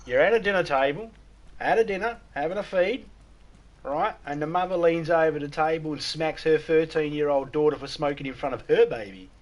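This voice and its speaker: An Australian man hosting a live game stream, telling crude jokes in a relaxed, matter-of-fact way. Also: on the high side, brisk. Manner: crude jokes in a laid-back drawl, says "mate" often. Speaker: streamer host. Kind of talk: casual joke-telling chat.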